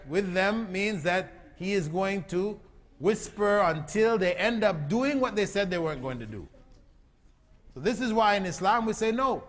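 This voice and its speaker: A man's voice: high-pitched, fairly bright tone. A man giving a religious lecture to a live audience, often quizzing the listeners with repeated questions. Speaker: Islamic lecturer. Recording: long hall reverb.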